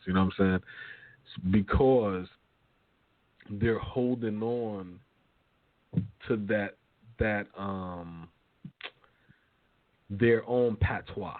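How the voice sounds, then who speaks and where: A man's voice: lowish voice, no echo. A man hosting a radio talk show, speaking loosely and profanely with lots of fillers and restarts. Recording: tinny phone-like line.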